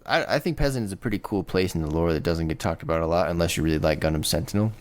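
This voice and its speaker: A man's voice: deep voice, rapid-fire. A man co-hosting a casual podcast, recapping the story in an enthusiastic, rambling way and laughing often. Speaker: podcast co-host.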